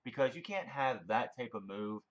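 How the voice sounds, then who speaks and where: A man's voice: medium pitch, expressive, normal speed. A man giving a casual, opinionated solo review, rambling with frequent restarts. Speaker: wrestling show reviewer.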